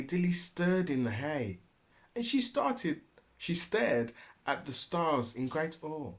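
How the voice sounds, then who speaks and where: Dad narrator reading a rhyming kids' book: slow, sing-song, expressive. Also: male voice, mid-range voice. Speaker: storybook reader. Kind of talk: rhyming storybook read-aloud.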